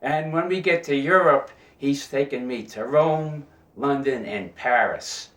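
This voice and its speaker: A man's voice: mid-range voice, measured pace, fairly bright tone, natural voice. A man voicing a despairing young stowaway woman. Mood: sheepish. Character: young woman stowaway, desperate then coy. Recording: roomy echo.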